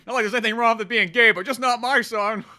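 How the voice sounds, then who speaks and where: A man's voice: very high voice, steady tone, fast, pushed and bright. A man co-hosting a casual comedy podcast, laughing often, swearing and riffing on jokes. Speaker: podcast co-host.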